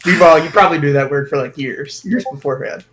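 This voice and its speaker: A man hosting a podcast, chatting casually and chiming in with relaxed, chuckling remarks. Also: fairly high pitch, quick pace. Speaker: podcast host. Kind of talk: casual interview chat.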